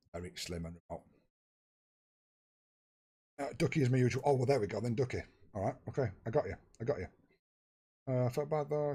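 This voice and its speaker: Husky man chatting to viewers. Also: medium pitch, darkish tone. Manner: swears freely, chats with viewers while playing. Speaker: streamer. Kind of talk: casual live-stream chat.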